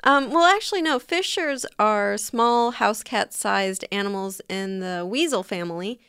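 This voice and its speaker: Smooth-voiced playful woman podcast host. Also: medium pitch, expressive, measured pace, a bit bright, dry recording. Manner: playful, chatty, with frequent laughs and fillers. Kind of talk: casual chat.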